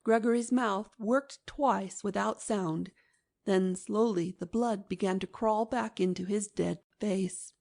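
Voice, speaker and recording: A woman narrating a classic novel as an audiobook in a measured, expressive reading. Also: medium pitch, gravelly. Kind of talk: scripted narration.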